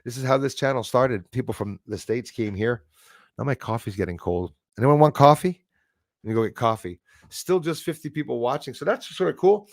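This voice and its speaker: A Canadian livestream host speaks a little fast in an expressive, mid-range voice. He rambles casually with many fillers, reading comments and thanking viewers, and the audio is clean studio sound with no echo.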